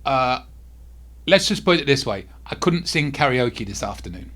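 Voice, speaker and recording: A man hosting a casual cruise vlog at home, talking softly because his face is sore, with frequent asides to a restless cat. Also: mid-range voice, animated, normal speed. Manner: talks softly, easily distracted by a restless cat.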